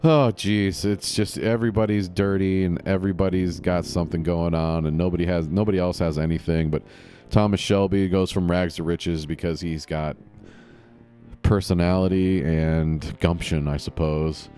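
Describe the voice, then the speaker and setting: A man's voice: sits low, steady tone, moderate pace, mellow, soft background music. A man hosting a podcast in a casual chat, rambling and correcting himself as he goes, with the odd chuckle. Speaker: podcast host.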